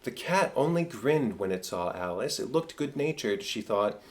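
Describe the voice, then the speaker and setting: A man narrating an audiobook of a classic tale, with a measured storytelling delivery. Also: medium pitch, very animated. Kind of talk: scripted narration.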